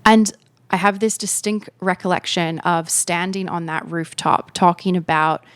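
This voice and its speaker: Young female podcast host, lowish voice, casual rambling storyteller, dry recording. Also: fairly even intonation, measured pace, clean tone, no echo. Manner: reflective, chatty, many fillers.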